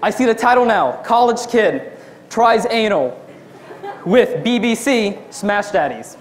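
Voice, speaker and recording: A man's voice: high voice, animated, unhurried. Young man telling a stand-up story. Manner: storytelling, acts out quotes in his own voice. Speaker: stand-up comedian. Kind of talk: stand-up comedy routine.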